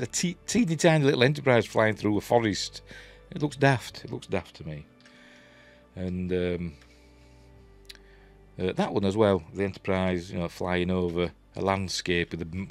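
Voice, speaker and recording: A man with a Yorkshire accent talks through a TV episode in a loose, chatty review, stopping often for ums and restarts. His voice sits very low but swings up and down with lively pitch, and faint music plays behind him. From Yorkshire, England. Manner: rambling, chatty, many fillers and restarts. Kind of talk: casual spoken review.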